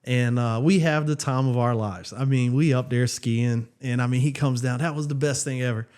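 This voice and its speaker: A man's voice: medium pitch, moderate pace, a little mellow, smooth. A man, a church youth leader, telling a story casually and animatedly, with frequent fillers and laughter.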